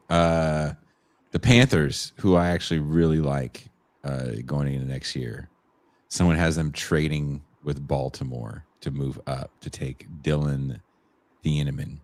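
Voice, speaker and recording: A man's voice: rumbling low, fairly even intonation, unhurried, darkish tone, no echo. A man from the Bay Area co-hosting a podcast, rambling in a laid-back, profane way. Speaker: podcast co-host. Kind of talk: casual chat.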